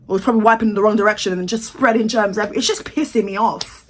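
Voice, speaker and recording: A woman's voice: mid-range voice, steady tone, rapid-fire, slight background noise. A young British woman from the UK giving sassy, outraged celebrity commentary in a casual vlog, with exaggerated reactions. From United Kingdom. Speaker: commentary vlogger.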